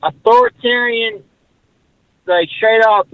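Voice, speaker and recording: Ranting caller on a muffled line. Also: male voice, high voice, very animated, moderate pace, dry recording. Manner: blunt ranting, mocks others in a put-on voice. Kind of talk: ranting phone call.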